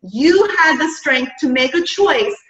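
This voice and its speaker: A woman's voice: high-pitched, lively intonation, unhurried, fairly bright tone. A woman giving an upbeat, chatty motivational talk to her business team, often saying "guys" and "right?". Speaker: fitness business coach. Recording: roomy, distant, dull-sounding mic.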